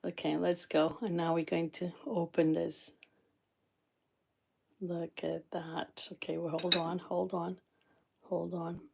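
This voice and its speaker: A woman with a Portuguese accent chatting excitedly and rambling as she cooks on camera. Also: fairly low pitch, takes it slowly, creaky, long pauses. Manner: excitable, rambling, with frequent restarts. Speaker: cooking vlogger. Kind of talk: casual cooking chat to camera.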